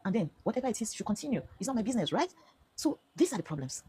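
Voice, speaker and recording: A woman's voice: mid-range voice, sing-song, very fast. A Nigerian woman in her fifties giving an earnest, emphatic personal testimony to camera, now and then slipping into Pidgin phrases. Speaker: vlogger telling her own story.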